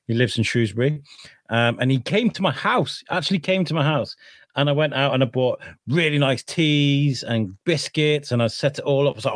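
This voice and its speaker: A man's voice: mid-range voice, no echo, clean studio sound. Hesitant, stammering man hosting. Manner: hesitant, repeats words, eager. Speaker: host. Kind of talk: casual podcast interview.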